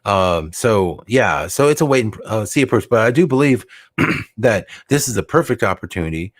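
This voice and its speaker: A man's voice: fairly low pitch, lively intonation, normal speed, no room sound. A man hosting a casual talk show, rambling with many fillers and restarts as he thinks aloud.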